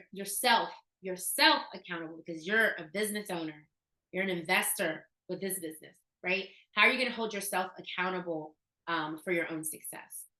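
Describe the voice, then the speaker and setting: A woman presents a business opportunity in a casual, emphatic way, piling up rhetorical questions and dropping in slang. Her voice is bright and forceful, and it rings in an echoey room. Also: medium pitch. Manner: casual, slangy, laughs often.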